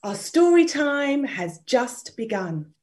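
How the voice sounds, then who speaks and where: Animated woman telling a children's story. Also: high voice, slow pace, music in the background. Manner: expressive, animated with whispers and calls to join in.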